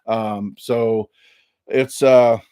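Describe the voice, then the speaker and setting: A man's voice: lowish voice, fairly even intonation, drawn-out words, warm tone, smooth, dry recording, studio quality. A man, hosting a casual live-stream chat and rambling with many restarts and repeated words. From Illinois. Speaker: YouTube channel host.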